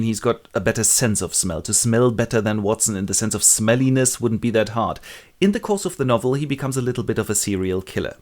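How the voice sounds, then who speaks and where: A man narrating a comic book summary in a wry, playful, joking way. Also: on the low side. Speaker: literature video host.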